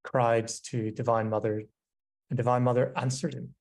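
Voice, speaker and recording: A man with a slightly husky voice joins a casual group discussion. He talks in a reflective, musing way, pausing with fillers between thoughts. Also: medium pitch, flat delivery, a little mellow.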